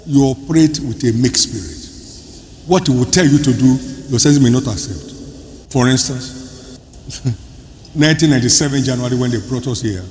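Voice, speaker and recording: Emphatic pastor in a big hall. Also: male voice, medium pitch, expressive, moderate pace, pauses often. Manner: emphatic preaching, sudden loud bursts and soft drops. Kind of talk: sermon. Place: large church hall. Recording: large hall, reverberant, faint room noise.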